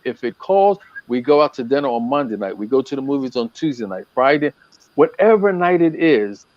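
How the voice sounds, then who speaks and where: A man talking as a relationship coach on a talk show, animated and preacherly, repeating his points for emphasis. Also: fairly high pitch, dry recording. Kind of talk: casual talk-show chat. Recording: dull, lo-fi.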